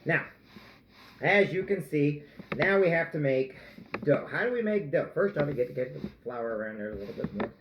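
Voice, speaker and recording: A playful man with a high voice talks to his camera while he kneads bread, cracking jokes and humming to himself. His kitchen sounds roomy and echoey, with a muffled, noisy recording behind him. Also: lively intonation, moderate pace. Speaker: home cook. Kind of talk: casual cooking vlog. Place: home kitchen.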